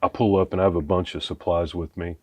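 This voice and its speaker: A male podcast guest with a very deep voice tells a story in an earnest, plain-spoken way. The sound is close and dry, with no room echo. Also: fairly even intonation, fast. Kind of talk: personal storytelling in a chat.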